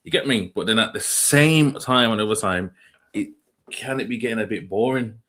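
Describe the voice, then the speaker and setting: A man with a low, deep voice hosts a livestream. He reacts casually and thinks out loud, tossing questions to his audience. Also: brisk. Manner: musing, asks questions aloud. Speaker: livestream host.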